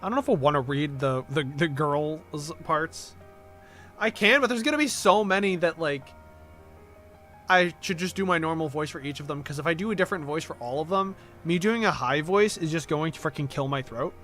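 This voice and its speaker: A man's voice: a little high, normal speed, a bit bright, faint music behind. A man streaming a game, chatting casually in a rambling, self-deprecating way. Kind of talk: casual gameplay commentary.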